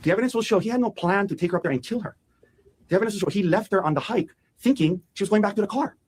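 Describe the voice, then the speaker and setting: Man, defense attorney, opening statement, rapid, husky, acts out quotes. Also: sits high, rough recording. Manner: fast, animated, acts out quotes.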